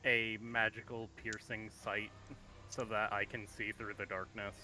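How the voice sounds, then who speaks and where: A man plays a tabletop game, making deliberate, measured requests of the game master. He talks very slowly in a lowish voice with a sharp, piercing edge. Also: level tone, soft background music, rough recording. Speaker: player.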